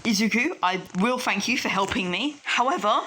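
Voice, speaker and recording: A woman's voice: fairly high pitch, expressive, normal speed, pushed and bright, a little hiss or hum, poor audio. A woman voicing a proud, hot-tempered teenage boy who snaps and swears. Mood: irritated. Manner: brash, snapping, swearing.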